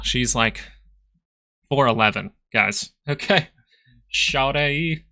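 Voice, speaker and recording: Breathless young man, gravelly voice. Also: on the low side, fairly even intonation, normal speed, bright, forceful tone, dry recording. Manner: loose, rambling, slangy. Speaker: stock market livestream host. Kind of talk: casual livestream chat.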